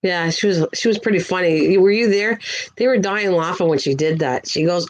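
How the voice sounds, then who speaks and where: An older woman with a lowish voice hosts a crafting livestream, speaking a little fast on a rough recording. She chats in a rambling way, addressing viewers in the chat and greeting them sweetly in a lifted voice.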